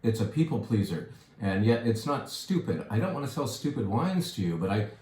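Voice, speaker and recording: Enthusiastic male wine steward, lowish voice, savoring tasting chat, echoey room. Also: very animated, a little fast, darkish tone. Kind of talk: casual wine tasting talk.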